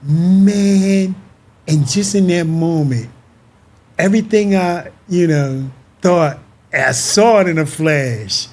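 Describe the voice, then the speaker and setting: Husky guy with a high voice, super expressive storytelling on a talk show. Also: takes it slowly. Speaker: guest husband. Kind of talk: emotional storytelling.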